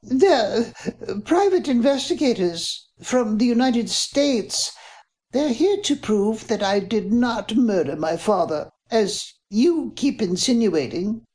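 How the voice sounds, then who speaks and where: A woman's voice: on the high side, sing-song, a little slow, darkish tone, voice pushed up. A narrator voicing a frightened but defiant young aristocratic woman with a quavering, indignant voice.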